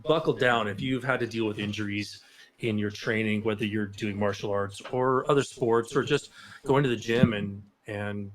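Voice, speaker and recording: A man hosting a casual podcast as a martial arts instructor, with a loud, booming, theatrical voice and animated delivery on a close mic. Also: normal speed. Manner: animated, breaks into loud shouted impressions. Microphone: close studio mic.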